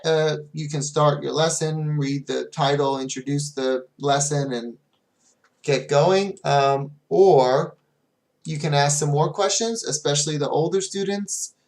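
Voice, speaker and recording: A man who teaches English online, giving casual advice to fellow teachers, with fillers, and slowing right down whenever he models a phrase. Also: a little high.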